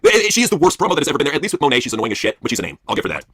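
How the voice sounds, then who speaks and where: Male co-host, fast and profane, bright slightly husky tone, dry sound. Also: mid-range voice, huge pitch swings, dry recording. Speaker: podcast co-host. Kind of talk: crude wrestling news banter.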